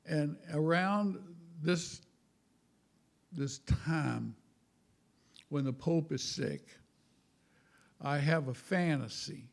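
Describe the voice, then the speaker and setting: A man giving a humorous spiritual talk in a wry, self-mocking way, halting and repeating words, with chuckles. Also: on the high side, vocal fry. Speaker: spiritual speaker.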